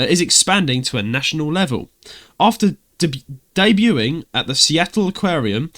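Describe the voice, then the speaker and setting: A man with a Cockney accent co-hosting a podcast, chatting casually, ranting and reading gaming news with frequent laughs. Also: medium pitch. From United Kingdom. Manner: lively, ranting, laughs often. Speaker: podcast co-host.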